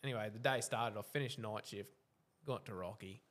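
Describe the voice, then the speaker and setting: A man's voice: on the low side, fairly quick, a bit bright. Laid-back Australian man spinning a yarn. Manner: laid-back, swears freely, laughs through his stories. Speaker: podcast co-host. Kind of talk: casual storytelling.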